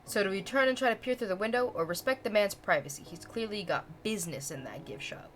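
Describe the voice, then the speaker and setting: Lively, giggly young woman streamer. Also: mid-range voice, fast talker. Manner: playful, giggly, swears freely. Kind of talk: casual chat and reading fan fiction aloud.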